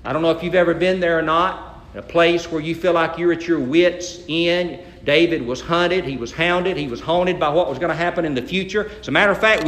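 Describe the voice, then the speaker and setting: Guy preaching, tells the bible story all folksy, bit high voice, roomy echo. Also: fairly bright tone. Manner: folksy storytelling, acting out the figures' quotes. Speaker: pastor. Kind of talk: sermon retelling a Bible story.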